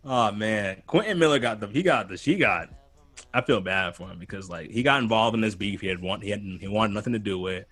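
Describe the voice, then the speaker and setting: A man co-hosting a casual podcast chat, animated and loose, swearing, laughing often and restarting his sentences. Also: on the low side, a little fast. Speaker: podcast co-host.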